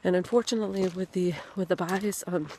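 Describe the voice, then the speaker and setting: A woman comedian delivering a mock-serious on-location report outdoors, talking haltingly with many fillers. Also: on the low side, fairly even intonation, a little mellow, a little hiss or hum. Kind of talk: deadpan mock documentary narration.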